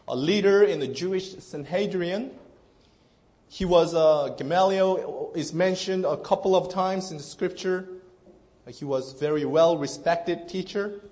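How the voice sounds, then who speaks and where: A male pastor with a notably high voice delivers a sermon to his congregation. He speaks slowly and with earnest emphasis, often breaking off mid-phrase to restart. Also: a little mellow.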